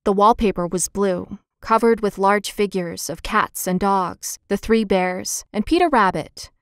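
A woman's voice: medium pitch, a little slow, dry recording, studio quality. Woman narrating a children's storybook. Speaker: audiobook narrator.

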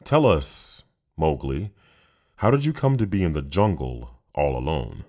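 A man voicing a proud, wise mother wolf who speaks steadily and gently. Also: rumbling low, sing-song, unhurried, full character voice. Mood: calm firm.

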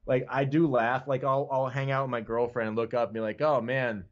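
Man, podcast guest, casual chat, middle-pitched voice, rambling and profane, muffled lo-fi sound. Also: level tone, brisk. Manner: loose, profane, fills speech with "like" and "you know what I mean".

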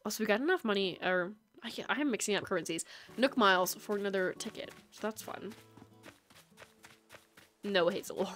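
Chatting with her viewers during a gaming stream, a woman rambles on in a medium-pitched, somewhat bright voice. She's casual and talkative, responding to chat.

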